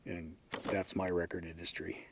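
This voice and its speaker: A man's voice: deep voice, little pitch movement, moderate pace, a bit bright, slight background noise. A man in his sixties from San Francisco, a former record executive, telling anecdotes in an easygoing interview and often quoting others. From San Francisco, USA. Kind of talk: storytelling interview.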